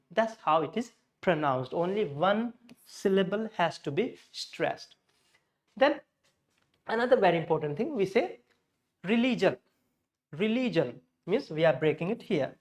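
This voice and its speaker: A man with an Indian English accent teaching English pronunciation, stressing and repeating words slowly to drill the sound. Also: high voice. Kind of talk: spoken English lesson.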